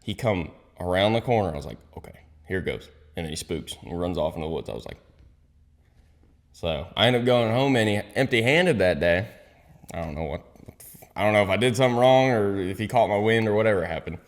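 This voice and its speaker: A man's voice: on the low side, expressive, a little fast, in a large hall. A young man, telling a hunting story as a podcast guest, swearing freely and dropping into whispered asides. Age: young adult. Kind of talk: casual storytelling.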